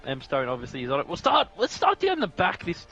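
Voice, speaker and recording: A man's voice: fairly high pitch, wildly swooping pitch, brisk, a bit bright, lo-fi sound. A man with an Australian accent doing casual live commentary on a sim racing league, laughing and bantering as he runs through the grid.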